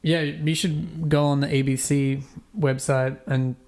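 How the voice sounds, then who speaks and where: A man's voice: on the high side, level tone, a little slow, darkish tone. A man with a general Australian accent, chatting animatedly as a podcast co-host. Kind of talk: casual chat.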